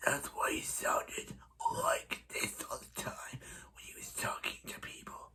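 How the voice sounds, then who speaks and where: Man putting on a raspy male villain, slow breathy whisper, soft and sinister. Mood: menacing.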